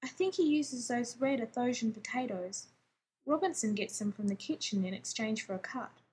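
A woman reading aloud, voicing an anxious, chattering adult man who talks in rapid, fretful bursts. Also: on the high side, expressive, darkish tone, a little hiss or hum, lightly acted. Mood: flustered.

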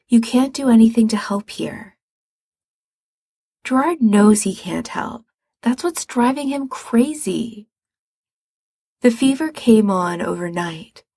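A woman reading fiction aloud in a calm, measured way. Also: medium pitch, husky, no room sound, studio quality. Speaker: reader.

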